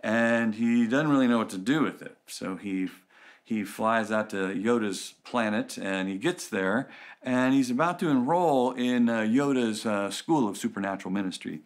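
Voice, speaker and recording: A man giving a conversational teaching talk on relationships, telling stories and acting out quoted voices with lively shifts. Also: medium pitch, moderate pace.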